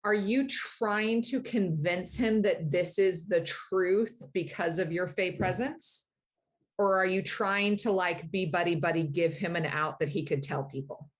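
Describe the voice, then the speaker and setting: A woman narrating as game master in a casual, filler-heavy way. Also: lowish voice. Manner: casual, many fillers, quick to laugh.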